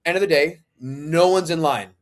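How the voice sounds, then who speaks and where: A young man co-hosting a podcast, telling a long story in a lively, animated way and putting on other people's voices in the quotes. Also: fairly high pitch, moderate pace. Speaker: podcast co-host, Macho Man impersonator. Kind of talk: casual storytelling chat.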